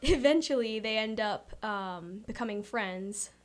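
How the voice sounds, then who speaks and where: A young woman talks about her role with eager energy. Her pitch is in the middle range. She sounds like a guest in a relaxed interview. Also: a little slow. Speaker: cast member. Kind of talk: casual interview chat.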